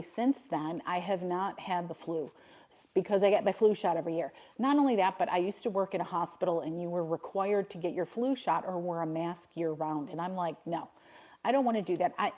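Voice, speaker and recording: An older woman from Buffalo, New York, with a mid-range, dark voice chats casually on her livestream. She reads viewers' comments aloud, responds to them and laughs frequently.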